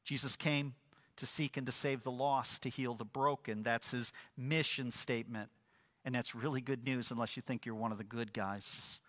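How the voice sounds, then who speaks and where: Male pastor, emphatic sermon delivery, bright tense voice, long hall reverb. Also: mid-range voice, steady tone, normal speed. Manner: emphatic preaching with repeated phrases and rhetorical questions.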